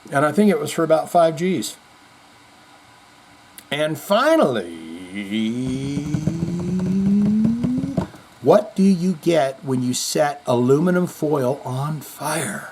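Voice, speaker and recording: A man's voice: mid-range voice, expressive, slow pace, pauses often, breathy edge. A male show host telling jokes and rambling through a casual, profane comedy monologue. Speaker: podcast host.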